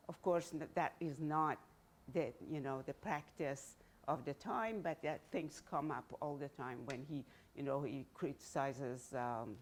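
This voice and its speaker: A woman with a Persian accent speaks in a fairly low voice. She answers audience questions after an academic presentation. She talks thoughtfully and often pauses to search for the right word. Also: a little mellow, a little hiss or hum.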